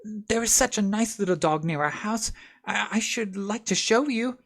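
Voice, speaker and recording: A man voicing a polite, eager little girl in a high, halting voice with stammers. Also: gravelly, fairly bright tone, heavily acted.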